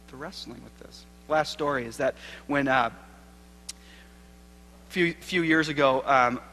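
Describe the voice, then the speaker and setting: A man who is a seminary professor gives a keynote address at a church convocation. He tells stories and closes with a prayer, speaking earnestly and moving between loud emphasis and hushed, intimate passages. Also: medium pitch, slight background noise, poor audio. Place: lecture hall at a church convocation.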